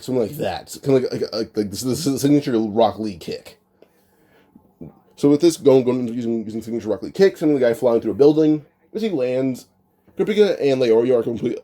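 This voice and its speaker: A man with a very dark, mellow voice improvises a fan storyline in a loose, chatty way. He rambles, restarts his sentences and leans on filler words as he goes. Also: medium pitch. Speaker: anime what-if storyteller. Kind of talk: casual improvised retelling.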